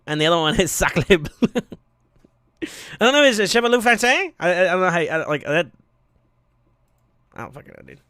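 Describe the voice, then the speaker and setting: A man streaming live, casually chatting and thanking viewers, excitable with sudden yells, his voice going hoarse from yelling. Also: high-pitched, fairly quick, pauses often, dry recording, clean studio sound.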